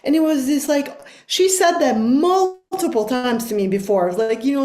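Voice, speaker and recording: A woman's voice: sits high, lively intonation, normal speed, hardly any pauses, darkish tone, echoey room. A middle-aged woman speaking as a life coach guest on a podcast, talking in an earnest, reflective and emphatic way. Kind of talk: podcast conversation.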